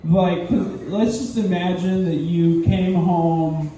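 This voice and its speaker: High-pitched, mellow, and steady in tone, this young stand-up comedian takes his time through a rambling, self-deprecating open-mic set punctuated by giggles. The small indoor comedy room sounds echoey, the mic is far off, and there's faint noise.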